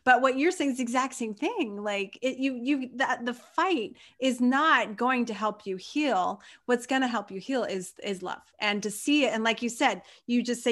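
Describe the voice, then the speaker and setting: Woman, interview host, former nurse, affirming, enthusiastic, slightly high voice. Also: moderate pace. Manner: warm-hearted, affirming, enthusiastic. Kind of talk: supportive interview conversation.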